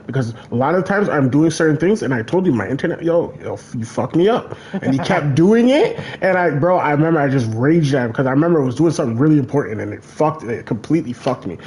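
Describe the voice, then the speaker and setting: Streamer man, slightly high voice, rambling and profane storyteller, faint hum behind. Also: darkish tone. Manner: rambling storytelling, heavy swearing, repeats himself. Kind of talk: casual chat over a game.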